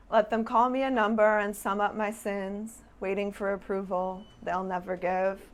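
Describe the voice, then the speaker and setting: A young adult woman performing spoken-word poetry live, with a measured rhythmic recitation and chatty, laughing asides between poems, in a small performance venue. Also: medium pitch. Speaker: poet.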